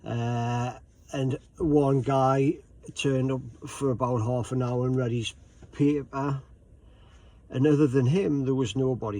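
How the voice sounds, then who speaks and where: A man's voice: medium pitch, mellow, low-quality recording. A middle-aged man, casually telling a rambling story to camera with many ums and restarts. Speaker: vlogger.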